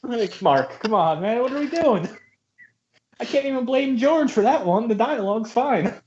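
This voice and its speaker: Animated ranting man on a podcast. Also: extremely high pitch, moderate pace. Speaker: podcast co-host. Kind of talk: casual profane movie chat. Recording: dull lo-fi podcast audio.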